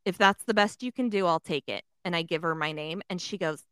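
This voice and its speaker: A woman's voice: on the low side, a little fast, a bit bright, clear, resonant tone, no echo, studio quality. A woman telling a story in casual chat, swearing often, filling with "like" and acting out the other voices. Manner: swears a lot, fills with "like", acts out voices.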